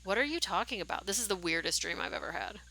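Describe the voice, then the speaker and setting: A woman's voice: medium pitch, expressive, quick pace, bright, forceful tone. A woman streamer reading a game's story text aloud, with small voice shifts for the dialogue and casual asides. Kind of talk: reading game text aloud with live reactions.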